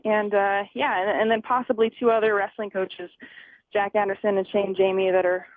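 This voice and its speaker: A woman's voice: medium pitch, little pitch movement, moderate pace, no echo. A young woman in her twenties, a fighter guest, chatting on a phone call, laughing often and acting out conversations. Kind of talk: phone interview. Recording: tinny phone line.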